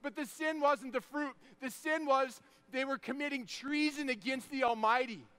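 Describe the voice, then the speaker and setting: High, bright, animated male preacher. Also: moderate pace, clean tone. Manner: animated, shouts punchlines, drops to soft tones for emotional moments. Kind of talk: energetic sermon with storytelling.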